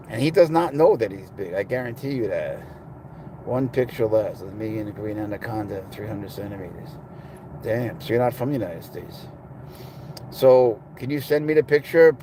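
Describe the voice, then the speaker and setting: A pet owner livestreaming to viewers answers their comments in a casual, blunt, sarcastic manner. His voice is mellow and medium-pitched at a moderate pace, with a little background noise.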